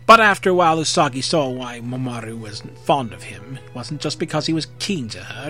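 A man reading fan fiction aloud, expressive, with occasional slips and rereads. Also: a little high. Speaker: narrator.

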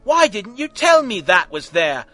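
A man voicing a vain, excitable male time-travelling hero in a comic fan fiction reading, loud and full of indignation. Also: sits high, measured pace, soft background music, pitched above the performer's own voice, full character voice. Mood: annoyed. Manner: loud, indignant, boastful outbursts.

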